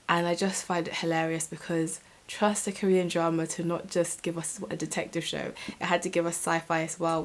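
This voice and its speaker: A young woman, chatting casually to camera in a rambling, swearing vlog. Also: lowish voice. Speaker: vlogger.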